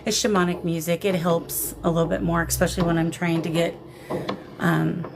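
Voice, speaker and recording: A woman's voice: fairly low pitch, level tone, normal speed, vocal fry. A woman hosting a paranormal livestream in casual chat, greeting viewers with affectionate pet names over a phone camera. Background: shamanic drumming.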